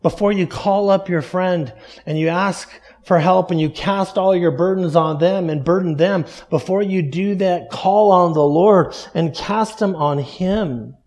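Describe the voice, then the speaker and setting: A man preaching a sermon, emphatic, repeating key phrases and dropping softly low for stress. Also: a little slow. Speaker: pastor.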